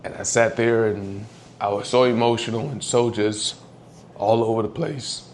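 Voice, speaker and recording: A man speaks in a fairly low voice, telling a personal story while grieving and close to tears. He talks candidly and haltingly, sometimes swearing and dropping nearly to a whisper. A faint hum sits behind him. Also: fairly even intonation, darkish tone.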